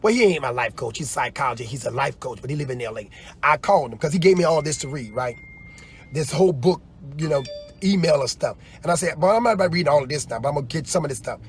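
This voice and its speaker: A man preaching in a loose, animated way on a livestream, often acting out quoted voices. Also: a little high, fast talker, slight background noise. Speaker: apostle.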